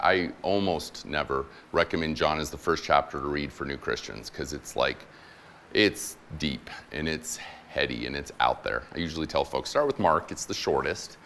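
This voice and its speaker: A man with a very low voice gives a sermon as a guest chaplain, retelling scripture stories in a loose, joking, conversational way. He drops in slang and acts out the people he quotes. A faint hiss sits under his voice. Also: a bit bright. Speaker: guest preacher, military chaplain.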